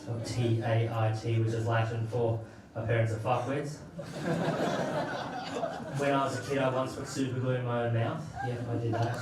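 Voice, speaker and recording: A man's voice: medium pitch, completely flat delivery, normal speed, long pauses, over a noisy crowd. A man with an Australian accent doing a dry, self-deprecating stand-up set about dating. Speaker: stand-up comedian. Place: comedy club stage. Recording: echoey room, distant mic, loud noise.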